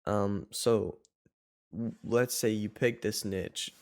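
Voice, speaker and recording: Slow and steady, his fairly low voice leads viewers through an online course step by step. The talk is relaxed and chatty, wandering along with repeated self-corrections and restarts.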